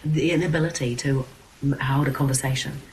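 New woman, very deep voice, middle-aged, earnest interview guest, slight background noise. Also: fairly even intonation, a little fast, a little mellow, poor audio. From New Zealand. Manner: earnest, thoughtful, with many fillers and restarts. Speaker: guest, children's TV presenter and producer. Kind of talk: interview conversation.

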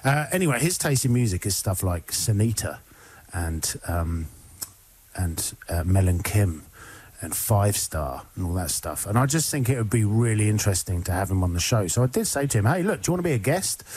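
A man's voice: on the low side, animated, moderate pace, a little mellow, breathy edge. A male radio DJ chatting casually between songs, rambling and often interrupting himself.

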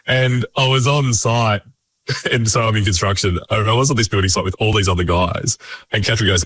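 A man's voice: lowish voice, fast, husky. A man telling his story in casual conversation, animatedly acting out what others said. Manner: animated storyteller acting out quotes, laughing often. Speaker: advocate and cult survivor.

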